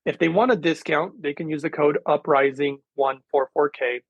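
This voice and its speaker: Man, interview guest; husky tone, dry close sound; earnest, rambling delivery. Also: a little high, normal speed, dry recording, muffled recording. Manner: earnest, rambling storyteller with many fillers. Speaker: guest, hydrogen therapy specialist. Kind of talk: casual interview chat.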